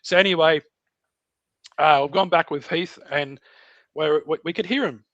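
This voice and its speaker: Animated Australian man telling a tale. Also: a little high, moderate pace, no echo, highs cut off. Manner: animated, acts out voices and sounds in his tale. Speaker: podcast guest. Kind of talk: casual storytelling.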